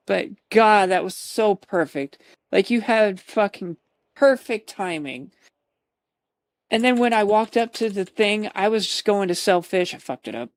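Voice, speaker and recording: A woman's voice: mid-range voice, no room sound. A woman streamer chatting casually to her viewers, laughing often and swearing as she retells a roleplay scene.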